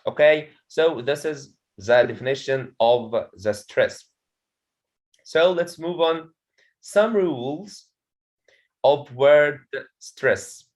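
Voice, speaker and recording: A man's voice: on the high side, slow, long pauses, muffled recording. A man with an Egyptian accent teaching an English pronunciation lesson in a classroom, often saying "okay" and checking that students follow.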